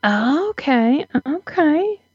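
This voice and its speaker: A woman co-hosting a podcast in casual chat, animated and giggly, with drawn-out reactions. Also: high voice, no room sound. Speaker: podcast co-host. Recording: slightly dull, dry recording.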